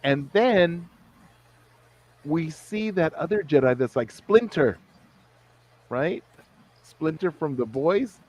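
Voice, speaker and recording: A man's voice: on the high side, slow pace, pauses often, rough recording. Easygoing man chatting on a video call. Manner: relaxed, acts out character lines while retelling. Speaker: podcast co-host. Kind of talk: casual chat reviewing comics.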